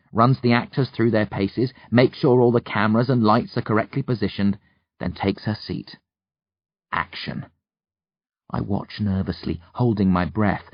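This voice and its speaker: A man narrating an audiobook in the first person, in a measured, steady storytelling manner. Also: on the low side, no echo, muffled recording.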